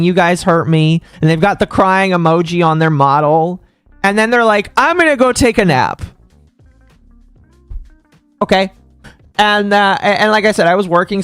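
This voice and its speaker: A man's voice: high voice, fairly bright tone, smooth, no echo. A man hosting a live stream in a casual rant, heated and swearing, with frequent stammers and restarts. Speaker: stream host.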